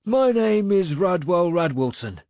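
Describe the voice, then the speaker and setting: A man's voice: sits high, very animated, measured pace, a little mellow, no echo, studio quality, pitched above the performer's own voice. A man voicing a guarded elderly farmer who greets travellers with a sword in hand. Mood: eager. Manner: wary, then welcoming.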